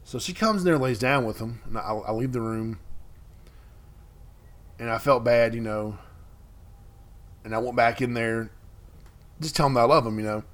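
A man's voice: mid-range voice, moderate pace, long pauses. A man co-hosting a podcast in casual chat, rambling, trailing off mid-sentence and laughing often. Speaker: podcast co-host.

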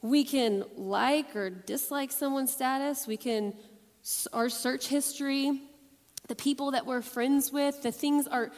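High-voiced woman preaching in a hall. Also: unhurried. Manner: lively, conversational, asks the audience questions. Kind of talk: youth sermon. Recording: long hall reverb.

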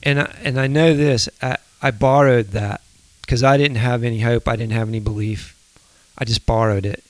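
A man co-hosting a faith podcast, speaking in a soft, reflective, halting way. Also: medium pitch, steady tone, no room sound. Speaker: podcast co-host.

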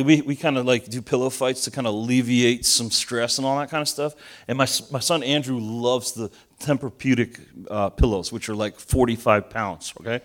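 A man in his forties from Argentina, a pastor preaching a sermon with funny stories and jokes with the audience. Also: mid-range voice. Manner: animated storyteller, jokes with the audience.

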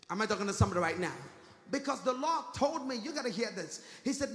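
High-voiced man preaching in an echoey hall. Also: animated, fast talker, a bit bright. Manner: fervent preaching with repeated rhetorical call-outs to the congregation. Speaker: pastor. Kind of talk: sermon. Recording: echoey church hall with long reverb.

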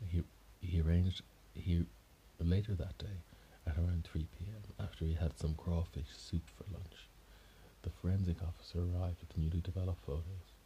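Deep, dark-voiced male storyteller. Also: lo-fi sound, slight background noise. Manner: rambling, with frequent restarts and self-corrections. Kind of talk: improvised story narration.

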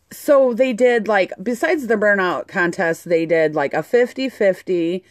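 Swearing, animated woman telling a story. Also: fairly low pitch, no room sound, studio quality. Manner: animated, swears a lot, acts out quotes. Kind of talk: casual storytelling chat.

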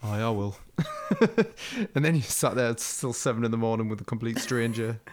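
A young man talks in a casual podcast chat. He swears freely and acts out quotes as he retells stories, at a mid pitch. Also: normal speed. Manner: swearing, animated storytelling with acted-out quotes. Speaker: podcast co-host.

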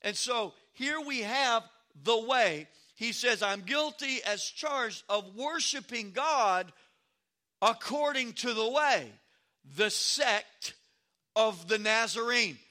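Preacher guy, high bright voice, reads verses then riffs on them, animated. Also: takes it slowly. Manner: animated, reads scripture aloud then comments with sarcastic asides. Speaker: pastor. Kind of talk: expository sermon.

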